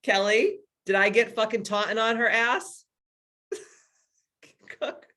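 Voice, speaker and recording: A woman's voice: fairly high pitch, fairly even intonation, normal speed, bright, forceful tone. Brief: woman in her thirties hosting a video call, crude, laughing storyteller. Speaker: workshop host. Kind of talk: casual chat.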